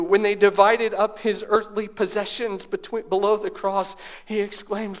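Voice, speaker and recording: High-voiced pastor preaching with hushed swings. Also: male voice, little pitch movement, normal speed, few pauses. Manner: dramatic swings from hushed near-whisper to raised preaching. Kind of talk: sermon. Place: church sanctuary.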